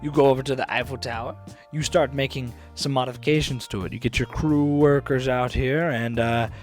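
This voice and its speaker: Young male comedic host, mid-pitched, loose rambling delivery, jokes at himself. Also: steady tone, a little fast, faint music behind. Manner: rambling, jokey, self-interrupting. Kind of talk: casual comedic storytelling.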